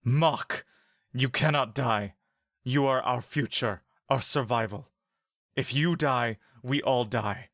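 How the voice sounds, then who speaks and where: A man's voice: medium pitch, takes it slowly, fairly bright tone, no echo, studio quality. A man voicing a battle-hardened warrior who gives his younger brother urgent, commanding orders.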